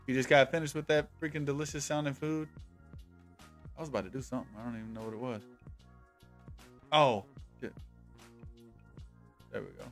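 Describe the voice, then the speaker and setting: A man's voice: medium pitch, fairly even intonation, fairly quick, pauses often, faint music behind. A man streaming a game live, chatting loosely with viewers, swearing freely and calling them by nicknames. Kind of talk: casual live-stream chat while gaming.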